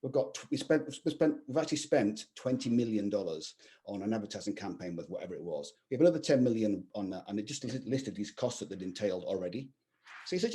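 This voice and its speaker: A man's voice: lowish voice, lively intonation, fast, dark tone. A middle-aged man, a guest video game composer, rambling through anecdotes with lots of "you know" fillers in casual chat. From England.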